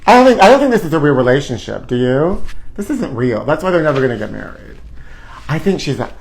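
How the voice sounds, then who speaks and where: A man's voice: fairly high pitch, very animated, fast talker, vocal fry, poor audio. Campy, sassy man hosting a gossip show. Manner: campy, sassy, theatrical, calls viewers honey. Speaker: host. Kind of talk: campy live gossip chat. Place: hot indoor studio.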